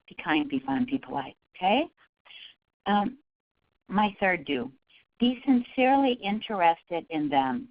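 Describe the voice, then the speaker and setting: Lively woman presenting a webinar. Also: mid-range voice, unhurried, dry recording, dull audio. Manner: lively, folksy, with acted quotes. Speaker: fundraising trainer.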